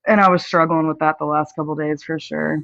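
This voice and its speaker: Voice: medium pitch, flat delivery, fairly quick, creaky, fairly bright tone, no room sound. Hesitant caller on a dull, dry line. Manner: hesitant, with frequent ums and searching for words. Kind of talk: casual call-in chat.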